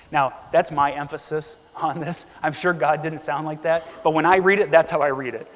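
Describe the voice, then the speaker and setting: A man's voice: fairly high pitch, fairly even intonation, a little fast, few pauses. A man preaching an earnest sermon in a church, reading scripture aloud and acting out the quotes. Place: church sanctuary. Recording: long reverb of a church hall.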